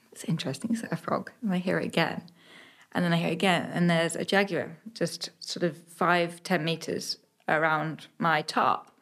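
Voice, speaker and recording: A young British woman, an adventurer, telling stories in a podcast interview, animated with many fillers and restarts. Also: on the low side. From Britain. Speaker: adventurer guest.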